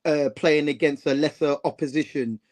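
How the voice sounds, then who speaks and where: A man chatting casually about football as a co-host, animated, full of slang and repeating himself. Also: fairly high pitch, normal speed.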